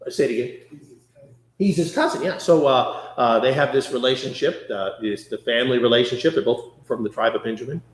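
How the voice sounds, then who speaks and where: A man leading a conversational Bible study, chatty and animated, often acting out quotes. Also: mid-range voice, a little fast. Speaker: Bible class teacher. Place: church classroom. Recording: echoey room.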